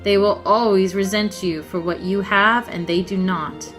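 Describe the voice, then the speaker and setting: A woman's voice: mid-range voice, steady tone, measured pace, a bit bright, soft background music, pitched below the performer's own voice, close to an everyday voice. A woman reading the lines of a haughty, condescending rich schoolgirl who lectures in a superior tone. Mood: lecturing.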